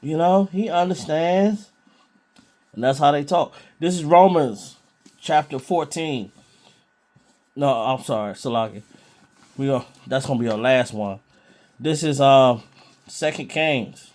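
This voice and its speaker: A man's voice: medium pitch, measured pace, pauses often, a little mellow. A man preaching informally from scripture in a blunt, scolding way.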